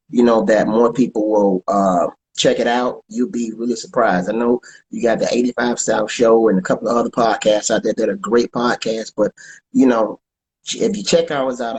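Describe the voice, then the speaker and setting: A man's voice: fairly low pitch, fairly even intonation, darkish tone, poor audio. A man, a comedian and podcast co-host chatting casually in an interview, often stumbling and repeating words. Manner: halting, repeats words, plugs his show.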